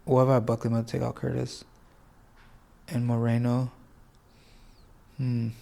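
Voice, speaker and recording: A man walks through a casual tutorial, thinking aloud and often stopping to correct himself. His voice sounds congested, with a gravelly, creaky texture at a middle pitch. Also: completely flat delivery, normal speed, mellow. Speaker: fantasy sports tutorial host. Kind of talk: casual screen-share tutorial.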